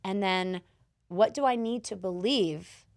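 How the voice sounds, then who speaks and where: A woman hosting a podcast, telling stories in casual chat, swearing freely and acting out quotes with a loud, lively voice. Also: medium pitch, unhurried. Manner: animated storyteller who swears and acts out quotes loudly. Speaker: podcast host. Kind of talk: casual chat, coaching advice.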